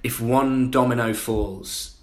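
Animated man telling a story. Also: medium pitch, takes it slowly. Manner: animated storyteller, acting out other people's voices. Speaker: podcast guest. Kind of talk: casual anecdote telling.

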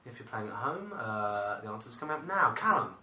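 A man's voice: medium pitch, big pitch swings, moderate pace, sharp tone. A man hosting a casual podcast and running a quiz game, laughing often as he goes. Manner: giggly, playful, keeps breaking into laughter. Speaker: podcast host and quizmaster. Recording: roomy, distant mic.

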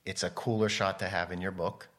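Male podcast guest, deep voice, rambling conversational storyteller. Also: level tone, fairly quick, a bit bright. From United States. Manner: rambling, self-interrupting storyteller. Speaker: podcast guest, model and photographer. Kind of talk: casual interview chat.

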